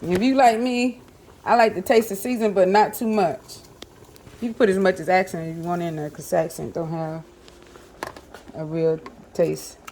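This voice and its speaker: A woman's voice: fairly low pitch, fairly even intonation, normal speed, long pauses, darkish tone, slight background noise. Chatty woman cooking at home. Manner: chatty, talks to viewers as y'all, many fillers. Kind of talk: casual kitchen vlog chat. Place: home kitchen.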